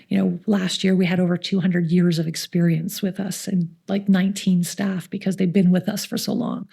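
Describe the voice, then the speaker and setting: Gravelly Canadian woman telling stories. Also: medium pitch. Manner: warm anecdotal storytelling, acts out quoted voices. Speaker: youth community centre coordinator. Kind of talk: storytelling interview.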